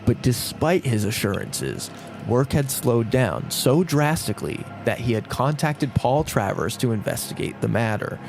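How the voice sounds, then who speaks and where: A man's voice: medium pitch, big pitch swings, a little slow, vocal fry, over music. Casting: laughing male co-host, casual comedy chat and story reading. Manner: laughs often, trails into jokes. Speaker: podcast co-host and story narrator.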